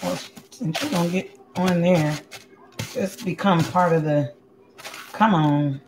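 A woman's voice: fairly low pitch, takes it slowly. Woman host, blunt and sassy, cooking-stream chat in an echoey kitchen with a faint hum behind her. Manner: blunt, sassy, chatty, talks to viewers. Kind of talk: casual livestream cooking chat. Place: home kitchen. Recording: echoey room with faint background noise.

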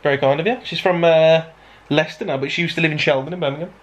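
Speaking very fast with fairly even intonation, this man's voice is on the high side. He's a vlogger from the Black Country in England, with a Dudley accent, rambling casually to camera and poking fun at himself.

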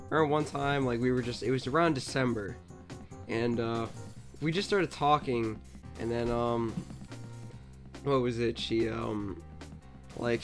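Young guy cohosting a gaming show, mid-pitch voice, rambly storytelling, music faint behind. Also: fairly bright tone. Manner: rambling storyteller, lots of fillers and restarts. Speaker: podcast co-host. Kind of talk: casual let's-play chat.

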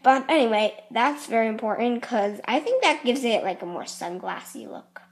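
A woman's voice: a little high, very animated, normal speed. A woman hosting a casual craft tutorial, chatty and rambling, often apologizing as she explains. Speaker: art tutorial host.

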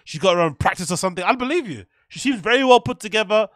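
A man's voice: sits high, lively intonation, fast, a bit bright, no echo, studio quality. A man hosting a casual reaction video, profane and loose, riffing on a clip. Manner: profane, laughs often, riffs loosely.

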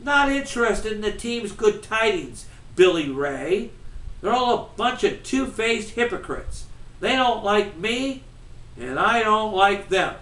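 Brief: sullen teen boy, flat and dismissive, read by a man, high lively voice, roomy and distant. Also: takes it slowly, full character voice. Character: sullen, cold teenage boy baseball player. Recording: roomy, from far off.

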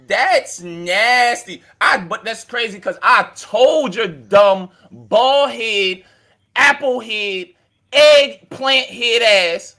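A man talking casually as a battle rapper, taunting and swearing at a rival in an animated, mocking way. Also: extremely high pitch, extremely slow. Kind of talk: casual trash talk. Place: indoors with friends.

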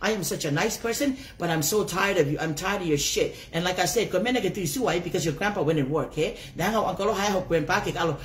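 A woman's voice: on the low side, fast talker, few pauses, a little hiss or hum. A woman ranting angrily on her livestream, heated and profane, swinging between English and Tongan. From not raised in Tonga. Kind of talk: angry livestream rant.

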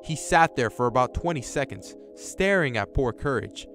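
A man reads a horror story aloud in a casual voice and breaks in with his own reactions. His voice sits at an ordinary middle pitch, and he swears now and then. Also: expressive, moderate pace, fairly bright tone, faint music behind. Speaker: YouTube storyteller. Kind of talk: reading a horror story with commentary.

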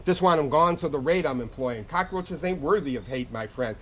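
A man performing live spoken-word comedy at a house concert, with a rapid-fire, profane, rhyming delivery. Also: a little high, lively intonation, a bit bright, slight background noise. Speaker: touring singer-songwriter.

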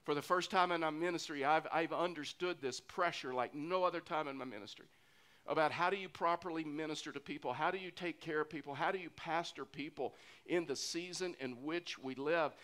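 He speaks briskly, his voice on the high side and a bit bright. The middle-aged pastor preaches with earnestness, frequently repeating phrases when emphasizing something.

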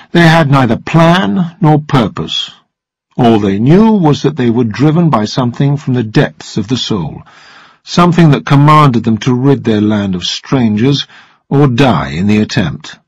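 Husky man reading a story. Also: mid-range voice, no echo, lo-fi sound. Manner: slow, even reading for language learners. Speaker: narrator. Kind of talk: scripted storybook narration.

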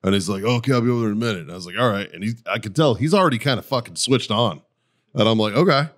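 A man's voice: on the low side, rapid-fire. Profane laughing podcast guy. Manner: profane, laughing, animated storytelling. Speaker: podcast co-host. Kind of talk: casual storytelling chat.

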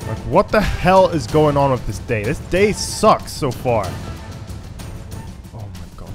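A man narrating his own gameplay in a let's play, cursing and grumbling at the game between rambling asides. His voice sits at an ordinary mid pitch for a man. Faint game music plays behind him. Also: sing-song, measured pace. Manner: frustrated, swearing, raging at the game. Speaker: gaming YouTuber.

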